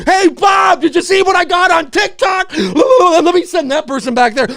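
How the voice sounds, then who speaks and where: A man doing a loud phone-obsessed moviegoer. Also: very high voice, moderate pace, pitched above the performer's own voice. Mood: loud chatter. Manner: shouting, chatty.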